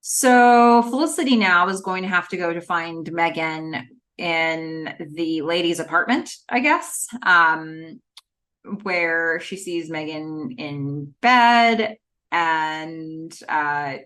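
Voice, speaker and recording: A woman's voice: low voice, takes it slowly, fairly bright tone. A woman co-hosting a podcast, casually retelling scenes from a TV episode and acting out the characters' quotes. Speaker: podcast co-host. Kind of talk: casual recap chat.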